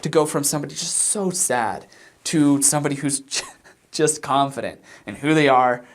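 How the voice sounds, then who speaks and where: Calm man explaining body language. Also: a little high, slight background noise. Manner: measured, explanatory. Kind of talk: reaction commentary.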